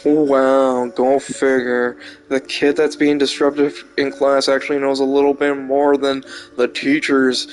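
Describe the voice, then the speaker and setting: A man's voice: mid-range voice, gravelly, poor audio. A man of about thirty from Texas, a gaming streamer telling a long casual story in a ranting way, swearing heavily. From Texas, near the border. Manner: profane, ranting, heavy swearing.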